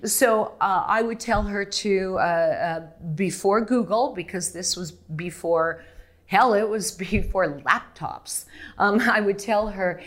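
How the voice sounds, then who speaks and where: A middle-aged woman from Montreal, Canada, speaks slowly at a medium pitch. As an interview guest she talks frankly and with animation, often laughing and restarting her sentences.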